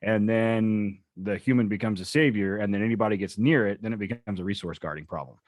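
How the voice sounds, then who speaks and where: Brief: male co-host, low voice, dry close sound, swears freely while telling lively stories. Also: brisk, no echo. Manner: profane, animated storytelling. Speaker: podcast co-host. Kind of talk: casual chat.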